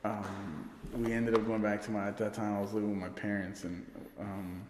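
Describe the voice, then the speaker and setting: A man co-hosting a podcast tells a loud, profane party story, laughing as he goes and acting out what his friends said. His voice sits at an ordinary pitch. The room is echoey, with a long reverb trailing each line. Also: little pitch movement, normal speed, background noise. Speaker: podcast co-host. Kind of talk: casual storytelling chat. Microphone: podcast microphone.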